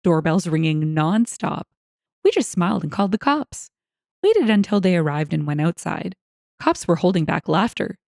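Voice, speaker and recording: A woman narrates stories in a scripted, expressive read. Her pitch swings in a lively, animated way, and she adds wry asides between the lines. The recording is dry and close, with no room sound. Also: normal speed, vocal fry, dry recording. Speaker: storyteller reading online stories.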